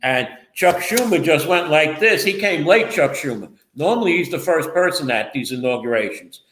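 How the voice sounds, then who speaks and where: A man, his voice sitting a little high, talks in a rambling, defensive way and keeps saying his co-host's name. The room around him is echoey, like a bare studio. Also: lively intonation, moderate pace, a bit bright. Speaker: co-host and local reporter. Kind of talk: casual political chat show.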